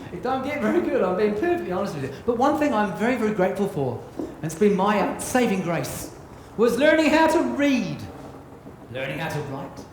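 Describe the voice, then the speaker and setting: A man's voice: high-pitched, very animated, moderate pace, a little hiss or hum. A man playing a boisterous pirate captain on a theatre stage, singing and reciting rhyming verse to a live audience. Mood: earnest recital. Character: boisterous old-time pirate captain, male. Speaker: solo stage performer. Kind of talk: live theatre show with songs and poems. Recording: echoey live theatre with music.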